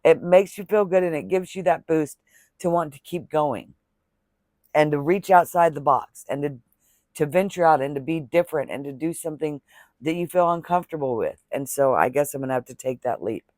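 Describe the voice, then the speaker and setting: A man's voice: fairly high pitch, brisk, darkish tone, no room sound. Earnest rambling man, dry close sound. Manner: religious blessings and thanks to viewers. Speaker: crochet vlogger. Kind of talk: casual talking-to-camera vlog chat.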